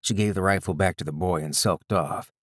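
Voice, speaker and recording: A man reading a first-person story aloud in a measured, gritty storytelling manner. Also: sits low, no echo, clean studio sound. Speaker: audiobook narrator. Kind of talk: scripted first-person narration.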